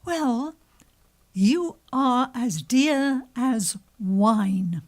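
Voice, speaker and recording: A woman's voice: on the high side, expressive, very slow, exaggerated voice. A woman voicing a second young princess who nervously pleads with her father. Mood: pleading.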